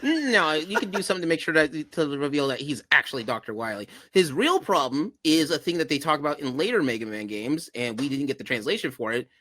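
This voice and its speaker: Bright-voiced man chatting on a podcast. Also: a little high, lively intonation, brisk, hardly any pauses, dry recording. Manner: laughs often, rambling retelling. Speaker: podcast host. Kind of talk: casual chat.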